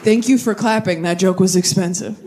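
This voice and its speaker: A woman in her thirties performing stand-up comedy on stage, telling stories with quick deadpan turns and playful voices. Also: mid-range voice, over a noisy crowd, heavy background noise. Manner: animated, deadpan storytelling with jokey voices. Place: comedy stage before a live audience.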